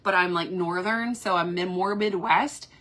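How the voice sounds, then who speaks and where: A bright-voiced woman with a Kentucky accent hosts a casual live stream from her cruise ship cabin. She talks in an upbeat, chatty way, reacting to viewer comments. The sound is from a phone in a small cabin. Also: on the low side, moderate pace. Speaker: cruise vlogger host.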